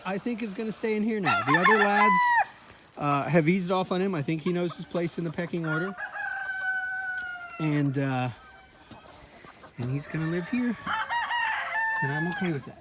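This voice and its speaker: Chatty farmer man, lively voice. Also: high-pitched, normal speed, pauses often. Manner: chatty, talks affectionately to his chickens. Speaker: farmer and video host. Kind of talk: casual walk-and-talk vlog. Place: outdoors in a pasture. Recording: outdoor farm recording with noisy background. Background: chickens clucking and roosters crowing.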